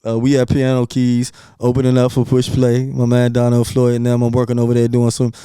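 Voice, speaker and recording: A man's voice: mid-range voice, completely flat delivery, a little fast, warm tone, smooth, no echo, clean studio sound. A man appearing as a guest on a podcast, talking in a brash, profane, ranting way. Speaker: podcast guest, music promoter. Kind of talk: casual podcast chat.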